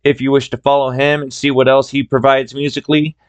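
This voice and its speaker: A man's voice: medium pitch, flat delivery, brisk, no room sound. A man hosting a solo storytelling podcast, talking in a chatty, conversational way into a close mic. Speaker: podcast host.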